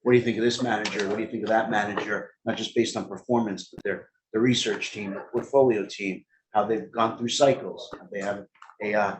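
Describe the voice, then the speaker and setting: A man's voice: on the low side, fairly even intonation, fairly quick, a little hiss or hum, poor audio. A man with a thick Brooklyn New York accent talks on a panel over a video call. His delivery is loose and jokey, with lots of uh and um between thoughts. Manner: rambling, jokey, many fillers. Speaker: family office advisor, panelist. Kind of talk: panel discussion.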